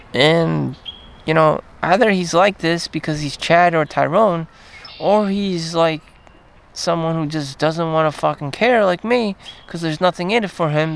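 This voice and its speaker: A man with a fairly high, gravelly voice rambles through a casual vlog monologue, swearing freely and trailing off into fillers. A faint hum of a vehicle runs underneath. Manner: rambling, profane, frequent fillers and trailing pauses. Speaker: vlogger.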